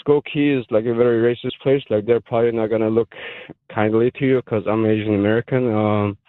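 A man calling in to a radio show, emotional and halting, with many fillers and restarts. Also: on the low side, steady tone, no echo. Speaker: caller. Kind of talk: call-in radio caller telling a personal story. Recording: tinny phone line.

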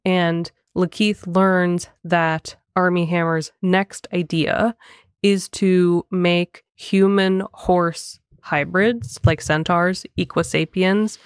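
A young woman co-hosting a casual film podcast, animated and laughing often as she talks in quick bursts. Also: lowish voice, smooth, dry recording, studio quality. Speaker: podcast co-host.

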